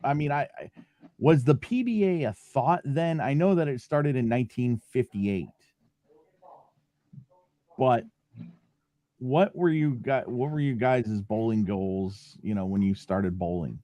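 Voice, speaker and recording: A man's voice: medium pitch, a little slow, long pauses, mellow, no echo. Man hosting a casual podcast. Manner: brief, encouraging backchannels. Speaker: podcast host. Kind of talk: casual chat.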